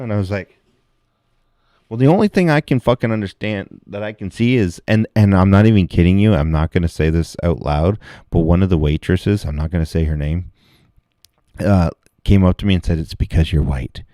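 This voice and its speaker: Low-voiced man telling a rambling story. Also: fairly quick, dark tone, no echo, studio quality. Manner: profane, rambling, laughs between phrases. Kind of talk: casual rambling monologue.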